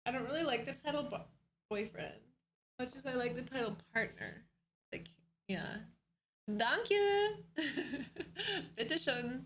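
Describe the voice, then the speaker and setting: A chatty young woman hosts her live stream from home, greeting viewers by name and laughing often. Her voice sits high and light. A faint hiss runs under the desk mic. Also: animated, normal speed, long pauses, a bit bright. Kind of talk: casual live-stream chat.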